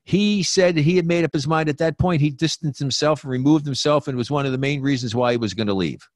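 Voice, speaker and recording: A man's voice: on the high side, fast talker, no echo, studio quality. A man hosting sports talk, giving his opinions in a rambling way.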